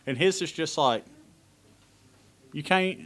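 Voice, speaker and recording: A man's voice: on the high side, slow, a bit bright. A man guesting as a tournament angler, chatting casually and poking fun at himself in a laid-back way. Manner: laid-back, self-mocking, easygoing. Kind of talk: casual chat.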